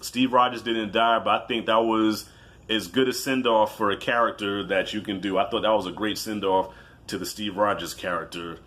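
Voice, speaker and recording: A man giving a casual, animated movie review, telling it like a story, swearing freely and acting out his own reactions. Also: on the low side, moderate pace.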